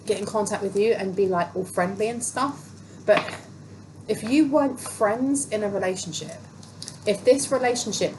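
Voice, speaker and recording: A woman's voice: medium pitch, low-quality recording. A woman giving a casual tarot reading, talking in a chatty, emphatic way and repeating phrases for stress. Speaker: tarot reader. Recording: steady background noise.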